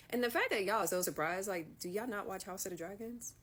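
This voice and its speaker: A woman's voice: medium pitch, fast talker, fairly bright tone. An American woman chatting bluntly and humorously. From United States. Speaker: veteran. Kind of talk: casual chat.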